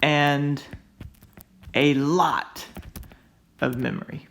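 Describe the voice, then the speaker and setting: A man's voice: fairly high pitch, sing-song, measured pace, bright, forceful tone, exaggerated voice. A man voicing an eager son who begs his dad for a computer and leans hard on each selling word. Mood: eager pleading. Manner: overstated, punchy word stress.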